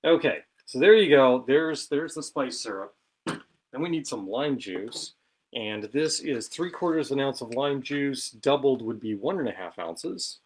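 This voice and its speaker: A man's voice: medium pitch, expressive, unhurried. Chatty man mixing drinks at home. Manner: chatty, self-deprecating, talks while working. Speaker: cocktail show host. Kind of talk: casual home bar demonstration. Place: home bar.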